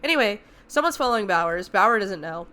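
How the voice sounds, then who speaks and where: A young woman hosting a podcast, recapping a movie in a casual, animated, profanity-laced way full of fillers. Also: medium pitch, brisk. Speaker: podcast host.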